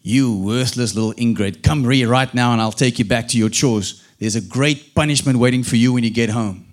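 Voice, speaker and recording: A man putting on a cruel peasant stepfather from a fairy-tale reading, snarling and scornful. He sounds sharply contemptuous and impatient, with a middling male pitch. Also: normal speed, natural voice.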